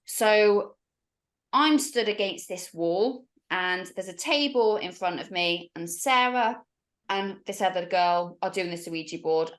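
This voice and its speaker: Woman telling a story. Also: fairly low pitch. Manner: animated, acts out the voices of others. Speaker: podcast guest. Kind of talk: storytelling in casual chat.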